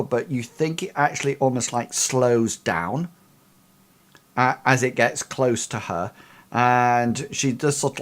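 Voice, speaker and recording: Hesitant male game master narrating. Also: medium pitch. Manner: hesitant, lots of fillers and restarts.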